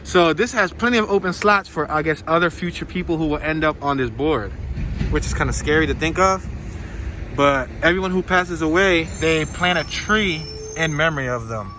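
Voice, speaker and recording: A man's voice: on the high side, moderate pace, background noise. A man vlogging casually on a walking tour outdoors by a pond, playful and slangy as he jokes around. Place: outdoors by a pond in cold weather.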